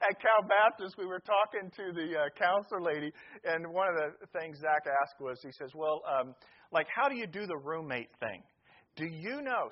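In a church sanctuary, a Midwestern American pastor in middle age jokes his way through a folksy sermon before a live congregation. His voice is fairly high-pitched, and the recording is lo-fi.

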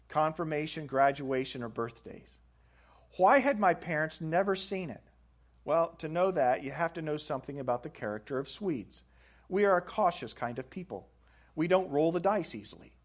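A man's voice: on the high side, lively intonation, moderate pace. A man preaching a sermon, reading aloud from a book and stressing phrases with rising emphasis. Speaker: pastor. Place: church sanctuary.

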